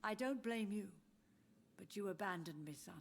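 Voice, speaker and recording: A woman's voice: medium pitch, expressive, normal speed, a little hiss or hum, natural voice. Woman voicing confused grieving old mother. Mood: wistful. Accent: English. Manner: tender, wistful, gently insistent. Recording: game audio under music.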